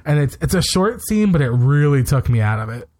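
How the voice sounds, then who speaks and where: A man co-hosting a podcast, retelling events in a brisk, opinionated, casual way with quick asides. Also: on the high side, very animated, a little mellow. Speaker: podcast co-host. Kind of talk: casual recap chat.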